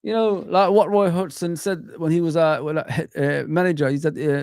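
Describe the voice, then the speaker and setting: A man's voice: a little high, lively intonation, brisk, vocal fry, hardly any pauses, a little mellow, dry recording, studio quality. A middle-aged man hosting a live football stream, ranting passionately with rhetorical questions and talking straight to his viewers. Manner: talks straight to viewers and chat. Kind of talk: casual live-stream rant.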